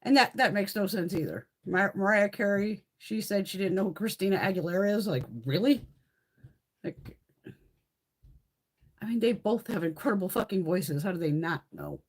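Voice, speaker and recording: A woman's voice: mid-range voice, lively intonation, normal speed, slightly rough. A woman hosting a casual live makeup stream, chatting in a blunt, profane, ranting way as she swatches products. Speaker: beauty livestream host. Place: home, in Connecticut.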